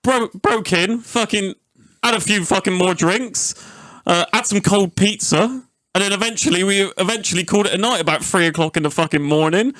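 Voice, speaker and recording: A young man with a high voice talks briskly as a podcast host, telling a rowdy story full of swearing. His anecdote-telling is animated and sweary, in a casual storytelling chat with no echo on the recording.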